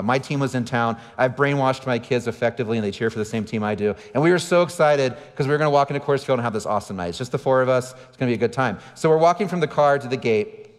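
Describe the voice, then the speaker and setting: A pastor, preaching a sermon and telling stories about himself with self-deprecating humor, picked up by a stage microphone in a large church auditorium. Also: male voice, medium pitch. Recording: church livestream with long hall reverb.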